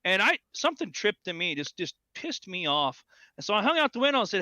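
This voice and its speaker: Animated storytelling man, bright dry voice. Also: high-pitched, a little fast, no echo. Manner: animated storyteller, acts out quotes loudly. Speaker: podcast co-host. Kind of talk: casual chat.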